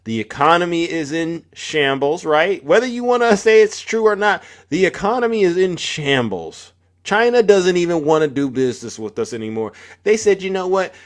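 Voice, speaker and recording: A man's voice: sits high, moderate pace. A man hosting a live call-in stream, chatting casually about politics and calling listeners up by name. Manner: animated, calls out to listeners by name.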